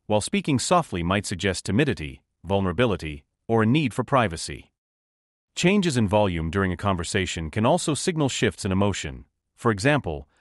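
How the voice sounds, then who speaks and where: Man, low voice, expressive pitch, audiobook narrator, measured instructive reading, scripted. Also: no echo, clean studio sound.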